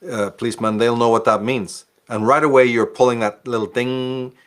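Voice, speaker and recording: A man's voice: medium pitch, steady tone, moderate pace. A man hosting a casual conversation, explaining his argument step by step. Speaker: host.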